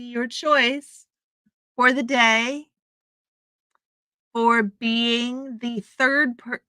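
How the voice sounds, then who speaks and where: A woman's voice: on the high side, bright, forceful tone, no echo. A woman hosting a live stream, chatting casually and greeting her viewers by name as she answers their comments. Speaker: livestream host. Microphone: streaming setup microphone.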